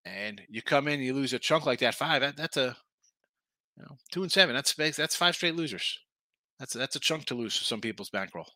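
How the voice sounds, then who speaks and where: A man's voice: medium pitch, animated, moderate pace, sharp tone, no echo. A man hosting a sports betting show, rambling in casual talk and often repeating himself.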